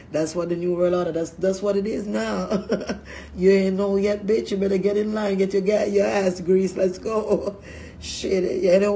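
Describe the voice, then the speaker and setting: A man's voice: sits high, gravelly, warm tone, a little hiss or hum. A man delivering a crude, profane rant to camera, laughing to tears as he goes, his nose running. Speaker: vlogger.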